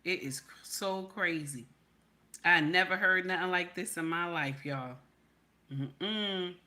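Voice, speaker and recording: A woman's voice: lowish voice, slow, bright, forceful tone. Chatty woman livestream host. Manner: chatty, greets viewers as baby and honey; repeats herself for emphasis. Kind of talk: casual livestream commentary.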